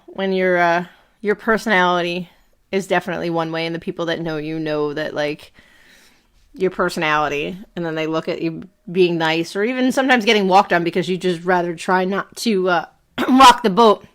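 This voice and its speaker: Her pitch sits fairly low, yet the tone is fairly bright and smooth, delivered at normal speed. She's a woman in her thirties with a Brooklyn accent, rambling through a live stream at home with plenty of laughter and casual cursing.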